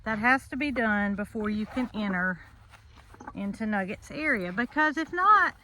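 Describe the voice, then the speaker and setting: A woman's voice: medium pitch, expressive, moderate pace, pushed and bright, a little hiss or hum, low-quality recording. A woman chatting straight to her viewers in a casual farm vlog, filmed on a handheld phone. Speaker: farm vlogger. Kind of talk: casual vlog narration to camera. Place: farm and truck, in and out of doors.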